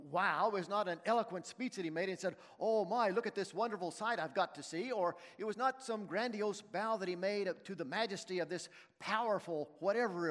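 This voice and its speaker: Male preacher, high voice, storytelling sermon, long hall reverb. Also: a bit bright. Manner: storytelling, asking the congregation questions.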